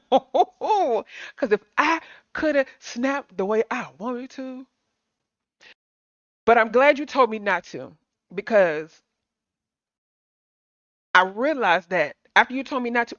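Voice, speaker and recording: A woman's voice: fairly high pitch, a bit bright, no room sound, lo-fi sound. A sassy, chatty woman hosts a livestream, calling her viewers honey and sugar. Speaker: livestream host. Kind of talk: casual chat to live viewers.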